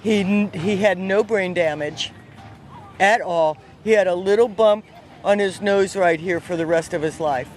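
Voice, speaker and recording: A woman, not from the South, telling a personal story with lively, animated energy, outdoors on a city street. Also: on the low side, a little slow, faint music behind. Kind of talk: casual spoken storytelling.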